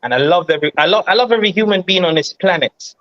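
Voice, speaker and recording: Guest spot: earnest, reflective man, slightly high voice, dry muffled call audio. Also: expressive, rapid-fire, fairly bright tone, no room sound. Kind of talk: casual live stream chat.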